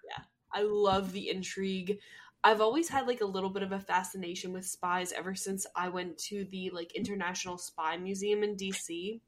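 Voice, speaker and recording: A woman's voice: medium pitch, steady tone, moderate pace. A young woman from New Jersey co-hosting a podcast in casual chat, giggly and full of filler words. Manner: chatty, giggly, lots of "like" fillers. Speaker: podcast co-host.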